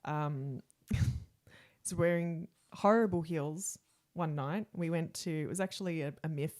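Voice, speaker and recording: Aussie lady co-host, kinda low voice, rambling stories, chill chatty vibe. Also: unhurried, darkish tone. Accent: Australian. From Australia. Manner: rambling, self-reflective anecdotes. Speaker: podcast co-host. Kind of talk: casual chat.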